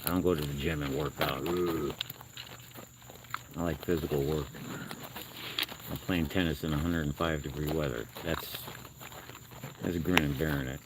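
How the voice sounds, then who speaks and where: A man's voice: a bass voice, steady tone, normal speed, pauses often. A man hosting a casual live stream outdoors, chatting and coaxing and scolding animals around him. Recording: outdoor noise with crickets.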